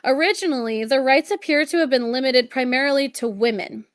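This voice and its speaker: Woman, giggly podcast co-host, high voice, dry close sound. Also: a little fast, no echo. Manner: giggly, stuttering, swears freely. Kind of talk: casual chat and reading notes.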